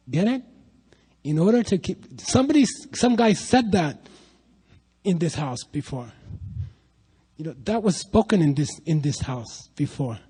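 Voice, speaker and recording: A middle-aged man giving a lively spiritual talk to an audience, telling stories and asking rhetorical questions. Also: high-pitched, measured pace, breathy edge, poor audio. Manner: animated, rhetorical questions, storytelling. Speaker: spiritual teacher.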